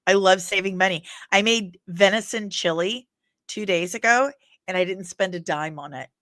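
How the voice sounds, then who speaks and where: A woman's voice: mid-range voice, normal speed, a bit bright, no echo, studio quality. A woman hosting a pop culture news show in a casual, chatty way, reading viewer comments aloud and rambling into personal asides.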